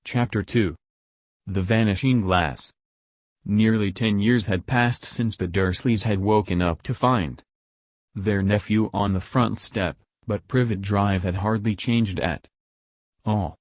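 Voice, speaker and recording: A man reading a children's fantasy novel aloud in a measured, even storytelling voice. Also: lowish voice, no echo. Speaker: audiobook reader. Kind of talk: storybook narration.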